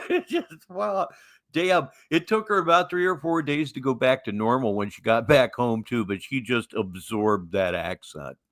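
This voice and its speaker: In his sixties, a livestream host tells rambling stories and gives live commentary in a wry, casual manner. His mid-range voice is fairly bright and moves at a normal speed with few pauses, recorded in clean studio sound with no room sound.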